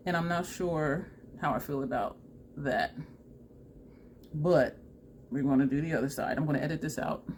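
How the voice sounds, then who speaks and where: A woman vlogger chatting excitedly and laughing often as she talks viewers through a makeup tutorial. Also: low voice, normal speed, pauses often, a little hiss or hum. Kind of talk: casual makeup tutorial chat.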